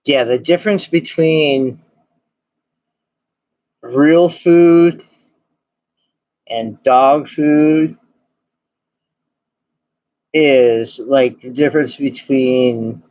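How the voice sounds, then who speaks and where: A man's voice: medium pitch, drawn-out words, pauses often, a little mellow, dry recording, highs cut off. A man streaming and chatting casually, giggling and laughing constantly between his phrases. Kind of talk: casual chat.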